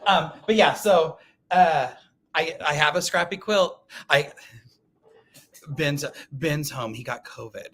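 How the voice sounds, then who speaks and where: A man hosting a casual quilting livestream, telling animated stories, laughing often and reading viewer comments. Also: on the high side, slow, long pauses. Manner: chatty, animated storytelling, laughs often, reads live comments.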